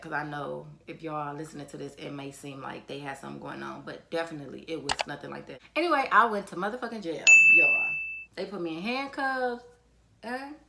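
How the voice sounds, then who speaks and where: Animated young woman, bright voice, swearing. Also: on the low side. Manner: animated, swears freely, acts out quotes in a raised voice. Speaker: vlogger telling a storytime. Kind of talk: casual storytelling to camera.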